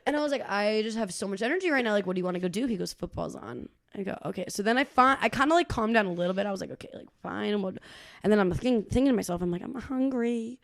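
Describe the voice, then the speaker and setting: A woman's voice: mid-range voice, very fast, vocal fry, dry recording. A young woman co-hosting a podcast in casual chat, telling stories with lots of acted-out quotes and frequent laughter. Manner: animated storytelling, acts out quotes, laughs often. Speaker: podcast co-host.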